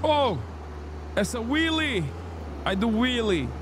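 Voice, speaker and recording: A man's voice: extremely high pitch, big pitch swings, takes it slowly, noisy background, voice pushed up, full character voice. A man voicing a boastful mock-Russian male patrol cop with broken English and grandiose claims. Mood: swaggering.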